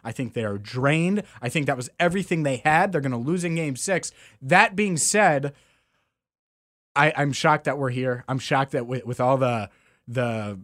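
A man co-hosting a casual sports talk show, arguing his picks with emphatic, quick bursts. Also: medium pitch, fairly bright tone. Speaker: sports radio co-host.

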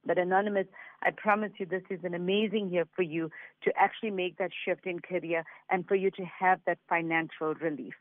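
A man with a high voice gives psychic readings on a radio show. He sounds earnest and reassuring and passes messages along in quick runs. The sound is dry and tinny, like a phone line. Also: steady tone, no room sound. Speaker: psychic medium.

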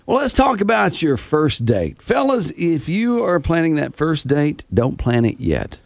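A man's voice: a little high, sing-song, a little slow, creaky. A man hosting a morning radio show, chatting and reading survey figures between laughs. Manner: chatty, laughs often, reads survey numbers.

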